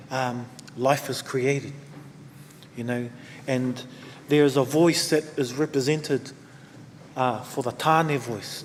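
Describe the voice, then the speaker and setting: A man with a New Zealand accent giving a relaxed, rambling speech at a conference, with many fillers. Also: fairly high pitch, in a large hall, slight background noise. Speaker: conference speaker. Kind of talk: speech to an audience. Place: conference hall.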